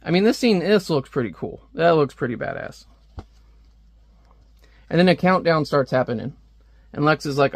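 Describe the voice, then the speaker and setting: Gravelly-voiced man rambling through a comic review. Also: on the high side, lively intonation, moderate pace, long pauses, dry recording. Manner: rambling and sarcastic, reads panels aloud.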